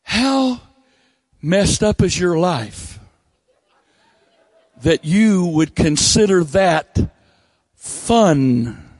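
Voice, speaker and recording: A man's voice: sing-song, very slow, long pauses, a little mellow, no room sound, studio quality. A male preacher, delivering a blunt, folksy sermon with teasing asides into a handheld microphone. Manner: folksy, blunt, teasing, drops to low mocking tones.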